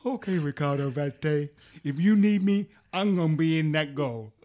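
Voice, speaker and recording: A man voicing a brash, boastful male footballer in a comic, profane email reading, full of swagger and shouting. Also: a little high, animated, moderate pace, close to an everyday voice.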